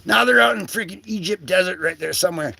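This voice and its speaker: A man's voice: sits high, quick pace, gravelly, pushed and bright, slight background noise. A man hosting a casual livestream, rambling through comic pages in slangy talk full of fillers and greeting viewers in chat. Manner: talks to chat viewers by name. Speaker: livestream host.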